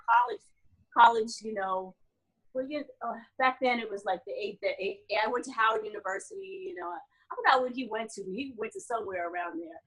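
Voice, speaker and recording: A woman in her forties, an actress guest in a casual interview, telling animated stories with frequent laughter. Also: a little high, slightly rough, rough recording.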